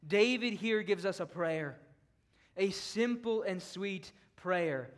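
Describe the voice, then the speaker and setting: A man preaching a fervent sermon, shifting between forceful declarations and hushed, solemn passages. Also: high voice, expressive, slow.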